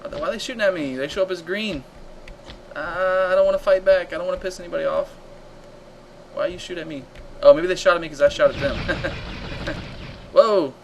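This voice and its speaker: Excitable man streaming a space shooter. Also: high voice, a little fast, vocal fry, pauses often, a little hiss or hum, low-quality recording. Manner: excitable, reacting loudly to combat and reading chat aloud. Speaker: live-stream game host. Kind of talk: casual gameplay commentary.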